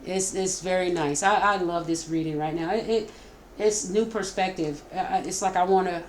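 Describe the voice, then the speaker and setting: A middle-aged woman giving a casual spoken tarot reading, talking in a warm, repetitive way that often stumbles. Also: fairly low pitch, normal speed, a little hiss or hum. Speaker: tarot reader.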